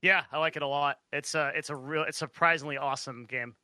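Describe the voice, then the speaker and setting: Heldere, droge mannenstem, ontspannen. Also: male voice, a little high, steady tone, quick pace, sharp tone, clean tone, dry recording, clean studio sound. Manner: polite, laid-back, hesitant fillers. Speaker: podcast co-host. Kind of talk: casual podcast chat.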